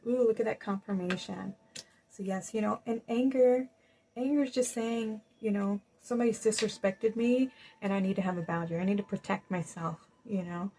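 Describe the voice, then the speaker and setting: A woman giving a gentle spiritual reading to viewers, reassuring and casual, with many "you know"s. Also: mid-range voice, steady tone, normal speed, slight background noise, poor audio. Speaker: spiritual card reader. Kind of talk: intuitive tarot-style reading to viewers.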